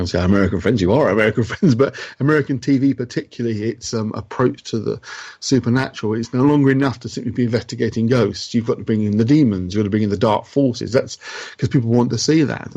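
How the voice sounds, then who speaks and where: Husky man, dull dry radio sound. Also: medium pitch, a little mellow, no echo. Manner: measured, explanatory. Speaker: studio guest. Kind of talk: casual radio discussion.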